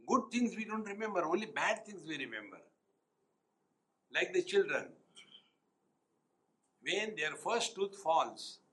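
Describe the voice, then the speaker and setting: A man's voice: high-pitched, pushed and bright, poor audio. A man with an Indian English accent giving a spiritual retreat talk, telling anecdotes with humor and chuckling often. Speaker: spiritual teacher. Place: retreat hall.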